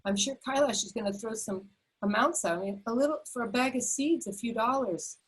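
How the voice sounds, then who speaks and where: Husky-voiced middle-aged woman teaching online. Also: on the high side, fairly quick, low-quality recording. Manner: earnest, repetitive, many fillers and restarts. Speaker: health educator. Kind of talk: enthusiastic webinar talk.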